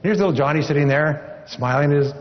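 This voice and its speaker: A man's voice: fairly high pitch, brisk. A man giving a motivational seminar speech, encouraging and repetitive, telling a story to drive home his point. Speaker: seminar speaker. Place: large seminar hall. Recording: dull lo-fi recording with long hall reverb.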